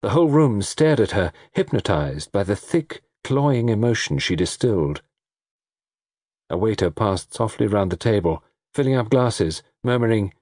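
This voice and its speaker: A man reads a detective tale aloud at a normal pace, his low voice lively as he dramatizes the dialogue. It's scripted audiobook narration, recorded clean in a studio without echo.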